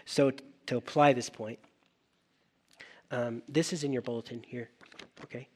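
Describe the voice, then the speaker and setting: A middle-aged male pastor preaching a sermon, telling stories with animated acted-out dialogue. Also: medium pitch, moderate pace, a little hiss or hum. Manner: animated storytelling, acting out dialogue.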